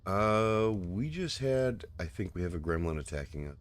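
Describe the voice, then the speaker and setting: A man casually commenting on his gameplay, relaxed and trailing off with fillers as he plays. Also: sits low, normal speed. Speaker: streamer playing a co-op game.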